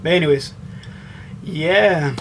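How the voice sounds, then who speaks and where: A man's voice: fairly high pitch, slow pace, a bit bright, a little hiss or hum. A young man chatting casually on camera, answering tag questions in a blunt, rambling, profane way. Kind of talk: casual chat.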